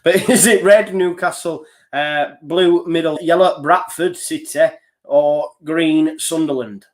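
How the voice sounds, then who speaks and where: Man, casual live quiz host, fairly high voice, chatty and self-deprecating. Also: takes it slowly. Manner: chatty, reads answer options in a steady list; loose and self-deprecating, with small slips. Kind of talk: live online quiz hosting.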